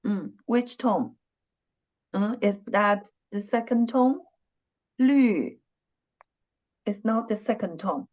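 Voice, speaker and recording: A woman teaching an online language lesson, talking slowly and patiently and repeating syllables and tones again and again. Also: medium pitch, a little mellow, muffled recording. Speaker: Chinese teacher.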